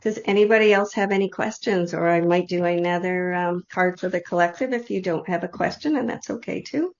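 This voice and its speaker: A woman leading an online group reading, speaking softly and heartfelt in loose, run-on phrases. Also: lowish voice, fairly quick. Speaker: intuitive reader leading an online group session. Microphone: video call. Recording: dull lo-fi video call audio.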